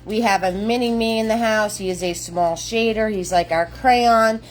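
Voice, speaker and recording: A woman's voice: medium pitch, steady tone, normal speed. A middle-aged woman hosting a live painting class, greeting viewers by name in a bubbly, chatty way. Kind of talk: casual livestream painting lesson.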